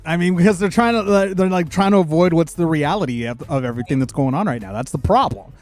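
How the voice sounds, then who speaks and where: A man hosting a casual news chat, rambling and excitable, with many restarts. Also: a little high, quick pace, faint music behind. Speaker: podcast host.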